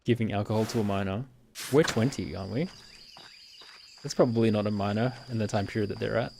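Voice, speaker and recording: A man's voice: fairly low pitch, quick pace, gravelly, darkish tone, a little hiss or hum. A man streaming a story game, making wry, joking asides in casual commentary.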